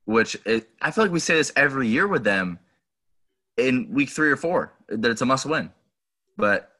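Young dude on a sports pod, bright sharp voice, kinda hesitant, restarts a lot. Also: male voice, mid-range voice, sing-song, normal speed. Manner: hesitant, restarts, offhand opinions. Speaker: podcast co-host. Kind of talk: casual sports chat.

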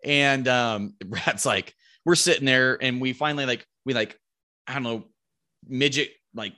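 Bright-voiced man swearing through a story. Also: medium pitch, a little slow. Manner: swears freely, animated and chatty. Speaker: hunter telling a story. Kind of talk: casual storytelling.

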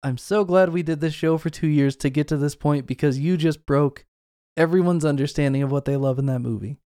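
A man's voice: fairly high pitch, a little fast, warm tone, dry recording, studio quality. A man co-hosting a podcast, casually explaining a film theory at length in a lecturing tone. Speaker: podcast co-host.

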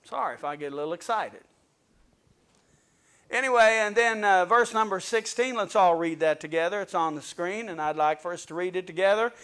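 A man's voice: sits high, a little fast, a bit bright. A male pastor preaching a fervent sermon and reading scripture aloud to his congregation.

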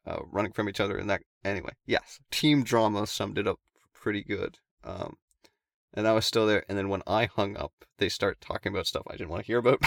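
A man's voice: lowish voice, fairly even intonation, fairly quick, gravelly, fairly bright tone, no room sound, clean studio sound. A man casually telling a long story to friends, swearing and laughing as he goes.

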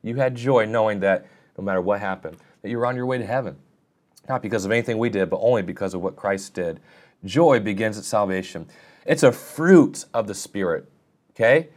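A man's voice: brisk, darkish tone. A man preaching a sermon in an earnest, self-deprecating way, often lifting his voice to stress a point. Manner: earnest, self-deprecating, rises and falls in pitch for emphasis.

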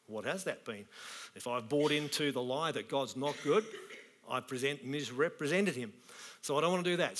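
A man preaching a sermon in plain, colloquial words with lively energy. His voice sits a little high for a man. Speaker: pastor.

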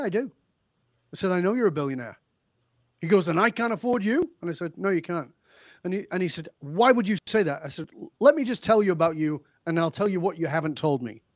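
A man who is a leadership consultant, telling client stories on a podcast and acting out the dialogue with lively emphasis. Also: a little high, no echo, clean studio sound. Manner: animated, acts out quoted dialogue. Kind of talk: podcast interview storytelling.

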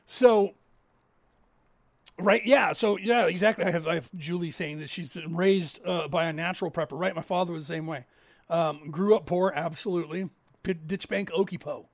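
Gravelly high-voiced man in his fifties. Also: normal speed, no echo. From California. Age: 50s. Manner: rambling storyteller, acts out others' lines in raised voices. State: raspy from COPD. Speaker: livestream host. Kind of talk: casual livestream chat.

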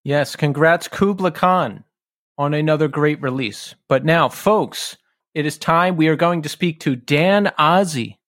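Chatty New York man hosting, fairly high voice, dry close sound. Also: measured pace, fairly bright tone, no echo. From New York City. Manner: friendly, chatty questioner. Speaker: podcast host. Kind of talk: casual interview chat.

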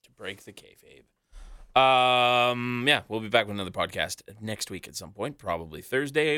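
A man co-hosts a podcast in casual chat, laid-back and swearing freely. His medium-pitched voice is bright, forceful, clear and resonant at a normal speed. The studio-quality audio has no echo.

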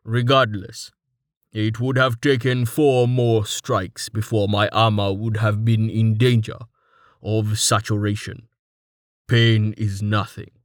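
A stoic armored warrior, as a man voices him, heavy and deliberate, every word formal and unhurried. His voice sits low and very slow, recorded dry and close. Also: level tone, no echo. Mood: calm. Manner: slow, measured and formal, no contractions. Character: stoic, dryly humorous armored male warrior.

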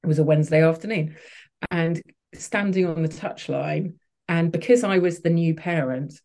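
A woman's voice: on the low side, a little slow, darkish tone. Candid woman telling her story. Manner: open, emotional, many restarts and fillers. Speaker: podcast guest.

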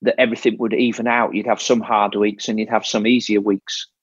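A man's voice: lowish voice, level tone, fairly quick, slightly rough, no echo, dull audio. A man coaching an athlete in casual talk, explaining step by step and often restarting his phrases. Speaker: triathlon coach.

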